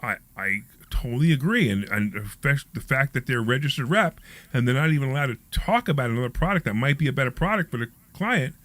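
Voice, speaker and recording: Fast, bright-voiced male radio host. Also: mid-range voice. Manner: animated storyteller, acts out quoted voices. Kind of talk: casual talk radio chat.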